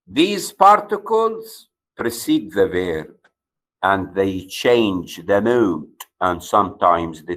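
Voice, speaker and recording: A man's voice: on the low side, a bit bright, low-quality recording. A man with an Arabic accent, a native Arabic speaker, giving a university grammar lecture and stressing key words as he explains.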